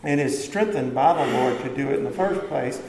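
A man preaches a sermon conversationally, posing questions to the listeners and answering them himself. His medium-pitched voice is expressive at a moderate pace, with a loud crowd, in an echoey hall with faint background ambience.

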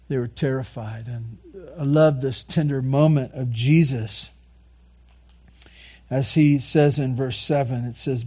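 A man preaching a sermon, earnestly repeating key phrases and moving between quiet, soft lines and louder passages. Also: medium pitch. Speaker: pastor.

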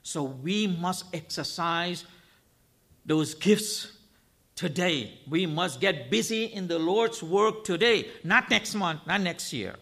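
A male guest preacher with a high, bright, forceful voice. He delivers his sermon emphatically, driving points home by repeating phrases and firing rhetorical questions at the congregation. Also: slow, gravelly.

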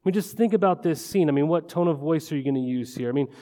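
Talking fast and casually, this male pastor preaches with a warm, mellow voice pitched a bit high for a man. He peppers the sermon with rhetorical questions and "right?" to engage the room, his voice echoing in a big church hall's long reverb.

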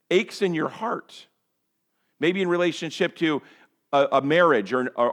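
A man preaching a sermon who swings between loud and hushed delivery and acts out prayers and quoted lines. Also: mid-range voice. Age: adult parent. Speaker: pastor.

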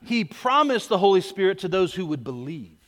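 A man's voice: high voice, very animated, fairly quick, a bit bright. A man preaching a sermon as pastor, driving his points home with repeated questions and calls to come forward. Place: church sanctuary. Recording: echoey hall.

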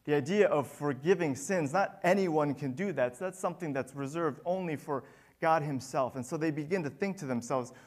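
A man's voice: on the high side, brisk, darkish tone. A man preaching a sermon as pastor, earnest and building to emphatic peaks.

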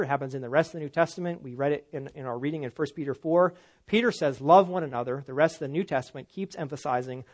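Middle-aged guy preaching, kinda high voice, chatty, keeps asking all right?. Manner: conversational preaching, frequent "all right?" and "right?" check-ins. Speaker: pastor. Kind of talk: sermon.

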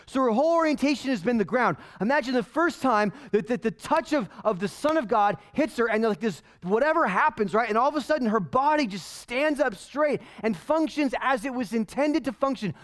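A male pastor preaching a sermon in an animated, conversational way full of rhetorical questions. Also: very high-pitched, a little fast, few pauses.

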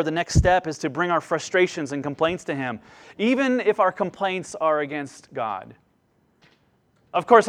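A man's voice: a little high, fairly bright tone. Earnest man preaching, voice rising and dropping. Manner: earnest, rising and falling delivery with frequent restarts. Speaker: pastor. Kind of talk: sermon.

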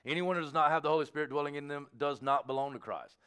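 A man pastor preaching a sermon in a church, swinging from quiet asides to shouted exhortation. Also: fairly high pitch, fairly even intonation, quick pace, clean tone. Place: church sanctuary.

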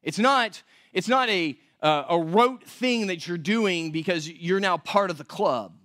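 A male pastor with a notably high voice for a man, preaching in a loose, conversational way. He poses questions to the congregation and fixes his own slips out loud. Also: unhurried. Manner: conversational, asks rhetorical questions, corrects himself aloud. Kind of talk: sermon. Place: church.

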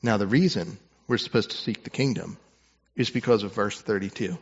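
A man's voice: fairly low pitch, brisk, slightly rough. Earnest man preaching, slightly dull sound. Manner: earnest, swings between hushed and fervent. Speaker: pastor. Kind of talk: sermon.

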